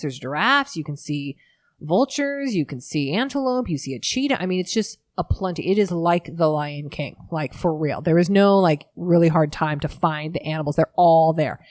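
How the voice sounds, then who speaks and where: A woman in her thirties chatting as an interview guest, a lively, quick storyteller who pokes fun at herself. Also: sits low, no echo, studio quality. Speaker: guest, startup founder. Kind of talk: casual interview chat.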